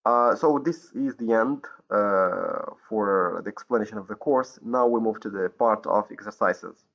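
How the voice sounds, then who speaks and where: A man from Morocco teaching an English grammar lesson, pausing often with fillers and correcting himself, in a dull lo-fi recording. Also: lowish voice, gravelly, fairly bright tone. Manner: hesitant, many fillers and self-corrections.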